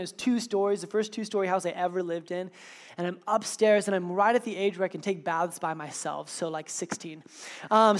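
A man in his thirties preaching a sermon, telling a funny personal story in a self-deprecating, humorous way. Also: sits high. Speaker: pastor.

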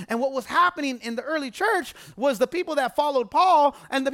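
A man's voice: very high voice, fairly quick, hardly any pauses, a bit bright, dry recording. A man preaching a sermon as pastor, emphatic and conversational, repeating phrases for weight and asking the congregation to answer back. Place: church service.

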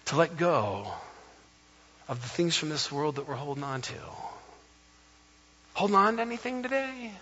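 A man in his thirties preaching a sermon as a pastor, telling stories in an animated way and acting out quotes playfully. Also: sits high, breathy edge. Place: church sanctuary. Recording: dull, long reverb of a church hall.

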